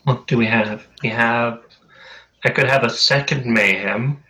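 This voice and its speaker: Musing man, bright voice. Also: mid-range voice, unhurried, rough recording. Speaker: tabletop game player. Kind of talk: casual chat over a voice call.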